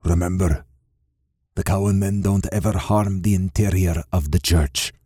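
A man voicing a stern older Scottish clan father who speaks gruffly and bluntly, swearing as he gives orders. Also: low-pitched, fairly even intonation, normal speed, mellow, no echo, clean studio sound. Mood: gruff, commanding.

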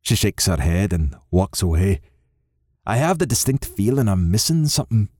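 Low-voiced male narrator. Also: very animated, moderate pace, a little mellow, no echo, clean studio sound. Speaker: audiobook narrator. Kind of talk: first-person audiobook narration.

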